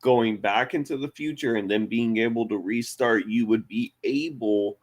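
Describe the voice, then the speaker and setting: A man's voice: medium pitch, moderate pace. A man hosts a loose, casual podcast in an ordinary mid-range voice. He is brash and cracks crude jokes, swearing freely as he talks. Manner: brash, profane joking. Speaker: podcast host.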